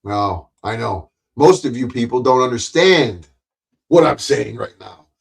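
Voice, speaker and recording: A man rants on his own live stream, cursing and mocking his viewers. His voice sits at a middling pitch, and he talks straight at his audience in a combative way. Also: expressive, a little slow, creaky. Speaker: livestream host. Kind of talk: ranting live stream monologue.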